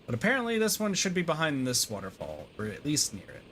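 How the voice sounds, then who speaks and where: A man's voice: on the high side, huge pitch swings, fast, fairly bright tone, a little hiss or hum. A man streaming a game, giving casual, rambling, self-deprecating commentary with lots of fillers.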